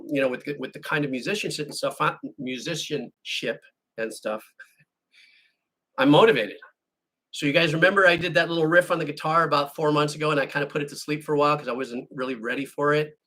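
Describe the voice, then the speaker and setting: This man hosts a music channel and casually fields viewer questions, rambling through a story he repeatedly starts over and corrects. He has a slightly high voice with a fairly bright tone.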